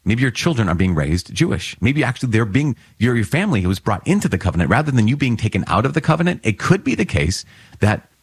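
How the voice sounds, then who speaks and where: A man's voice: mid-range voice, big pitch swings, quick pace, slightly rough, no room sound. A priest giving an earnest, conversational Bible reflection, explaining the reading like a teacher and often checking in with his listeners.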